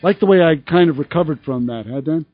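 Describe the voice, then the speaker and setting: A man's voice: fairly high pitch, quick pace, slightly rough, faint music behind. A man hosting a radio show, bantering playfully and joking with his guest. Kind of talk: casual radio chat. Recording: dull lo-fi radio sound.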